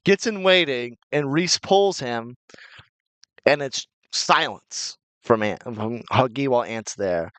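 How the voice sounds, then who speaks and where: Mid-pitched person retelling a chat incident. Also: expressive, slow pace, a bit bright, no echo. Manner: recounting events, quoting chat. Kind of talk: casual podcast storytelling.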